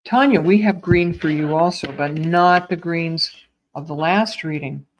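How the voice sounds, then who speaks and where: A woman giving live psychic readings to online viewers in a gentle, reassuring way, calling them sweetheart and my dear. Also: lowish voice, unhurried, a little hiss or hum. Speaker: psychic medium.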